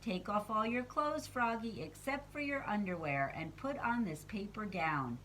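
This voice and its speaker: Brief: dry, patient-but-stern woman doctor, slow and measured, read by a woman. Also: mid-range voice, animated, fairly bright tone, slight background noise. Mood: firm. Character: weary, stern female doctor. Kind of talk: storybook read-aloud.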